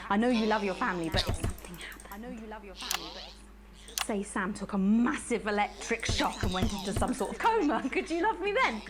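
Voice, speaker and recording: A woman's voice: mid-range voice, lively intonation, moderate pace, a crowd in the background, natural voice. A woman playing a polished TV news anchor whose sign-off turns creepily intimate, with a posh voice. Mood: obsessive. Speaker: news presenter. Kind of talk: live broadcast sign-off, in character.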